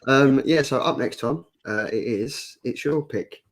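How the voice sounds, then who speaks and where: A man's voice: medium pitch, measured pace, crowd noise. A man hosting a casual comic review show, reading viewer comments and laughing easily. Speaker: host.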